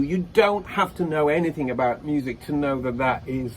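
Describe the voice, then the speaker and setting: A man's voice: fairly high pitch, expressive, moderate pace, few pauses, rough recording. A man working as a vocal coach, giving reaction commentary in an effusive, openly emotional way.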